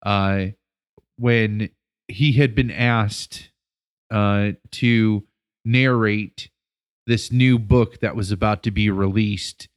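Slow, rambling male podcast host. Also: on the low side, fairly even intonation. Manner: rambling, with many fillers and restarts. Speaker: educator. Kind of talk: casual storytelling chat.

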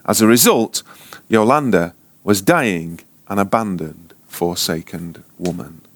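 A man preaching at a ministry school, telling a story slowly and dramatically, often sinking to a hushed near-whisper. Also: low voice, lively intonation, dry recording. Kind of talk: sermon storytelling.

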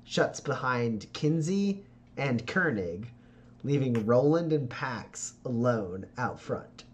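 Relaxed male game master, slow-paced, descriptive narrator. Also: mid-range voice. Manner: relaxed, descriptive, with filler pauses.

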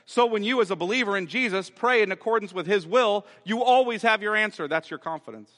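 A man's voice: high voice, expressive, brisk, hardly any pauses, fairly bright tone, long reverb tail. A man preaching a sermon as pastor, earnest and building to raised, emphatic delivery. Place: church sanctuary.

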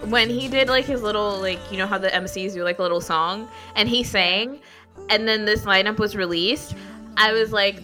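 A woman co-hosting a casual fan chat, talking in an animated, emphatic way. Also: medium pitch, normal speed, soft background music. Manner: animated, emphatic, playfully defensive. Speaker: podcast co-host.

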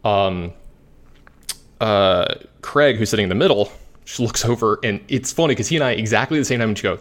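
A man casually telling a long story as a podcast host, animated and rambling, with lots of fillers. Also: fairly low pitch, moderate pace. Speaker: competitive card game player.

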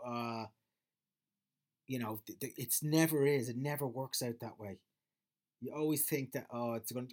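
A man's voice: mid-range voice, a little mellow. A man talking through a casual monologue as a podcast host, rambling and swearing freely, with plenty of fillers and restarts.

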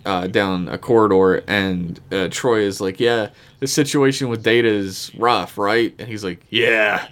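Relaxed low-voiced man recapping a show. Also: a little slow, smooth. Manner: loose, profane, quotes characters in offhand voices. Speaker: podcast co-host. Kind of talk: casual chat recapping a TV episode.

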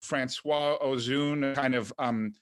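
A man's voice: medium pitch, fairly even intonation, slow pace, a bit bright, clean tone, dry recording. A middle-aged man from Washington, D.C., a podcast guest talking with wry, self-deprecating humor. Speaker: guest, entertainment writer. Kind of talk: casual interview chat.

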